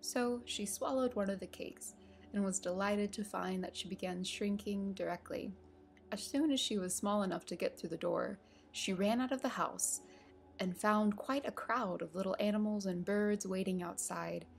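A woman reads a classic storybook in a calm, measured voice with a touch of vocal fry. Her pitch sits in an ordinary middle range. Faint music runs underneath. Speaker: narrator. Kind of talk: storybook reading.

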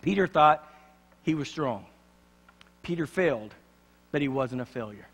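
A man preaching a sermon in a church, swinging dramatically from loud passages to hushed ones. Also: medium pitch, animated, unhurried, husky. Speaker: pastor. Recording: long church reverb.

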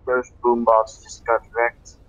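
A man's voice: mid-range voice, completely flat delivery, slow, lo-fi sound, soft background music. A Dutch man with a slightly British-sounding accent, casually explaining game tactics while he plays. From Netherlands. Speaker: host playing and commenting.

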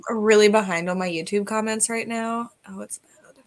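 A woman in a casual book club chat over a video call, teasing and asking quick questions. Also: medium pitch, steady tone.

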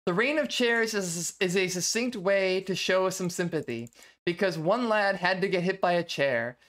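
A woman's voice: lowish voice, lively intonation, moderate pace, a bit bright. A young woman streaming live, chatting casually and laughing often as she reacts to a video.

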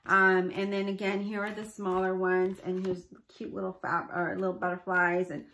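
Middle-aged woman, bright voice, casual enthusiastic crafts vlogger, rambly and friendly. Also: mid-range voice, flat delivery, normal speed, slight background noise. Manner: chatty, rambling, enthusiastic, many fillers. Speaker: crafter showing her handmade items. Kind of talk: casual chat.

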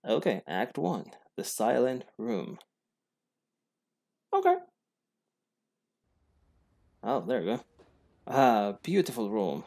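A man hosting a let's play, talking in an upbeat, excitable, chatty way. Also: medium pitch, slow pace, gravelly, long pauses. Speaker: gaming channel host.

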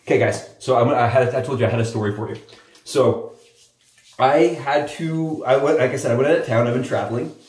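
A man's voice: mid-range voice, fairly quick, a little mellow. A man chatting enthusiastically to viewers while shaving his head, often calling them guys. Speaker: shaving vlogger. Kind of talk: casual chat to camera while head shaving. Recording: roomy echo, mic at a distance.

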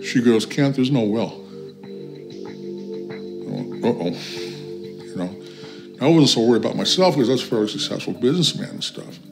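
A man's voice: medium pitch, lively intonation, fast, music in the background. A man giving a documentary interview, telling about family events in plain storytelling with repeated words. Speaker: interviewee, son.

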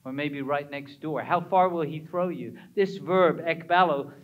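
A man's voice: a little high, a little slow, phone-quality sound. A middle-aged man preaching a sermon in a church, emphatic and asking the congregation questions. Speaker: pastor.

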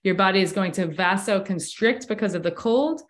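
A woman's voice: medium pitch, moderate pace. A woman who coaches breathwork and cold exposure, explaining enthusiastically in a casual interview with long flowing sentences.

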